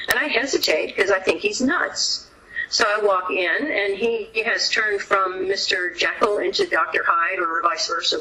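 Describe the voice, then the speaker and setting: A woman's voice: medium pitch, bright, forceful tone, low-quality recording. A middle-aged woman, a whistleblower guest, recounting a personal story in long runs with restarts and quoted dialogue. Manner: narrates in long runs with restarts, quoting others' words.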